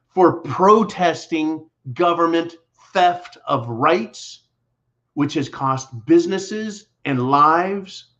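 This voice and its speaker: A man hosting a political commentary show, talking in a blunt, combative, sarcastic way. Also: a little high. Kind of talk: angry monologue to viewers. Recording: dull lo-fi audio.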